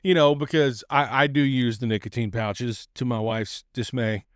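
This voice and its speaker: A man hosting a podcast, chatting in a relaxed way and laughing easily. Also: mid-range voice, normal speed, dry recording, clean studio sound. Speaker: podcast host. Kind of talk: casual chat. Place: outdoor patio.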